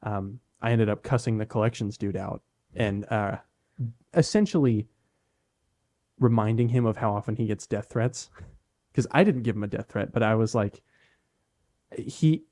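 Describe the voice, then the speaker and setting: A young man co-hosting a podcast, telling a story in relaxed, self-deprecating casual chat. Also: lowish voice, normal speed, long pauses. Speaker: podcast co-host.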